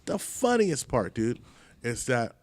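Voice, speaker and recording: Animated swearing male podcast host. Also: medium pitch, slow, noisy background. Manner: animated storyteller, swears, acts out quotes. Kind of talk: casual podcast chat.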